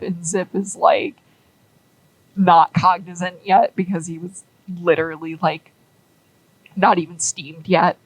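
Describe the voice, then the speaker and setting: A woman's voice: lowish voice, fairly even intonation, slow, long pauses, no room sound, low-quality recording. A young woman rambling through a casual story with many fillers and an amused tone.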